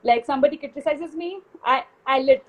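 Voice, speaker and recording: A woman's voice: high-pitched, a little fast, dull audio. A woman speaking as a guest on a live video call interview, candid and self-assured, laughing easily. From India. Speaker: guest basketball player.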